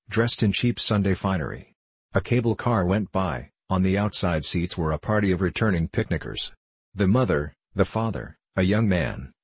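A man narrating a classic novel aloud in a steady, measured reading voice. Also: low-pitched, slightly rough, no echo. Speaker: audiobook reader.

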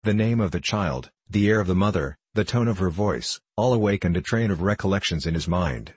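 A man reading a classic tale aloud as an audiobook narrator, in a steady, measured way. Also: deep voice, breathy edge, dry recording.

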